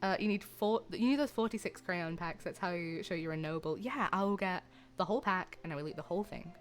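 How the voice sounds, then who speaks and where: A young woman chatting playfully with her stream viewers, rambling and giggling. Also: medium pitch. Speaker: livestreamer. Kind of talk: casual chat with viewers.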